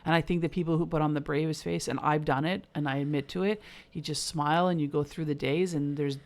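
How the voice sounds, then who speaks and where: A woman co-hosting a casual podcast, her voice rough with a creaky edge. She tells frank personal stories with a loose, unpolished manner and the odd curse word. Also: low-pitched, steady tone, quick pace. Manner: candid storytelling, frequent "like", occasional swearing. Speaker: podcast co-host. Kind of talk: casual chat.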